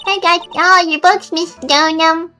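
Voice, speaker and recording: A woman's voice: very high-pitched, fairly even intonation, unhurried, pushed and bright, soft background music, pitched above the performer's own voice, exaggerated voice. Woman doing a stammering, eager little girl. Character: excitable shy little girl acolyte.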